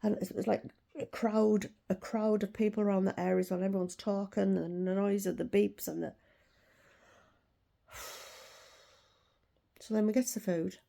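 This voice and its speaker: A woman's voice: medium pitch, gravelly, warm tone. A woman in her sixties telling a story as a casual rant, indignant and swearing freely. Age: 60s. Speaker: weight-loss vlogger.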